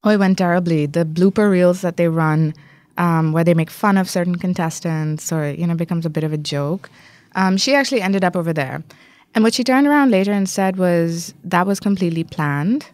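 A woman journalist and author answering interview questions, telling a story fluently and with lively emphasis. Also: lowish voice, a little fast, dry recording.

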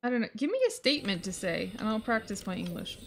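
A woman's voice: mid-range voice, expressive, fast, a bit bright, slight background noise. A woman co-hosting a game stream, playfully chiming in with short prompts and comments. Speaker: co-host watching and spotting. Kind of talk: casual let's-play chat.

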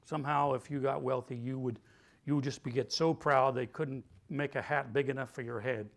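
A pastor preaching a sermon, leading the congregation in call-and-response and rising to loud, emphatic declarations. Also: male voice, medium pitch, fairly even intonation, fairly quick. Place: church hall.

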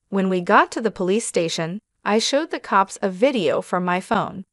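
A woman narrating a scripted first-person story in an even, steady way. Her voice sits at a middle pitch and sounds close and dry, with no room around it. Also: moderate pace, few pauses, no room sound.

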